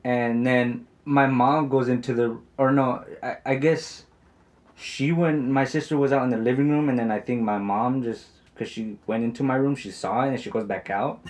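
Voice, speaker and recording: A man's voice: mid-range voice, steady tone, moderate pace, a little mellow. A man in his twenties, a podcast co-host telling a story in casual chat, rambling with many fillers and lots of swearing. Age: 20s.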